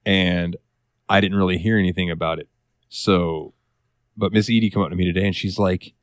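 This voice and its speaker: A man with a lowish voice chats casually on a podcast, recounting a work grievance with a storyteller's swagger. He curses freely and slips into the voices of the people he's quoting. The sound is close and dry. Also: steady tone, brisk, dry recording. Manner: storytelling with swearing, acts out quotes. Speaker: podcast co-host. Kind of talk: casual chat.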